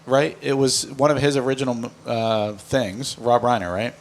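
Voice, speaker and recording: A man's voice: medium pitch, fairly even intonation, normal speed. A man hosting a casual podcast chat over bourbon, rambling and swearing as he talks. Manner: rambling, swearing, laughing often. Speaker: podcast host.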